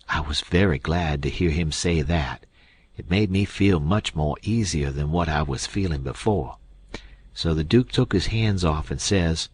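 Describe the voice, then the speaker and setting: A man's voice: low voice, normal speed, breathy edge, no room sound. A man narrating an audiobook in a plain, folksy first-person voice.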